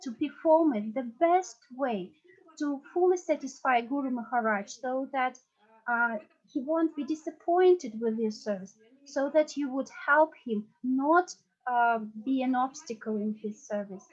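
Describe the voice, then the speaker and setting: A woman telling a personal memory as a disciple at a devotional gathering, in an earnest, halting way with frequent restarts. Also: high-pitched, muffled recording.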